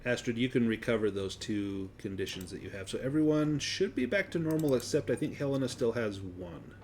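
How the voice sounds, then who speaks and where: A man running a tabletop game as game master, narrating in a relaxed, conversational way. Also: mid-range voice, brisk, slight background noise.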